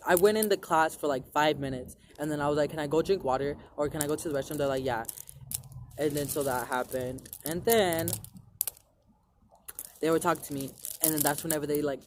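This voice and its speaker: Speaking to camera with a fairly high pitch and a little hiss or hum in the recording, a young vlogger rambles through a long personal story. He swears freely and leans heavily on "like" as filler in this casual account for his viewers.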